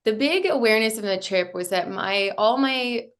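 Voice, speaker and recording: Candid, animated woman telling her story. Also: fairly high pitch, normal speed. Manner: candid, animated storyteller who acts out her own past thoughts. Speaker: podcast guest. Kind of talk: interview storytelling.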